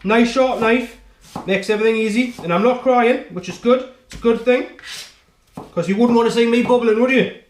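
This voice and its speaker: A man with a high-set voice hosts his own cooking show from a home kitchen. He keeps it chatty and jokey, checking in with the viewer as he chops. The room is echoey, with a faint hiss behind him. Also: normal speed. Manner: chatty, jokey, talks straight to the viewer with frequent "right?". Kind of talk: casual cooking demonstration.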